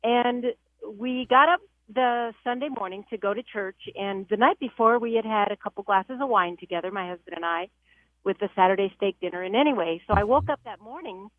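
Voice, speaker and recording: A woman's voice: medium pitch, brisk, no echo. Chatty older woman over a phone line. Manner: chatty storyteller, builds to punchline. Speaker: caller. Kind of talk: telling a funny family story.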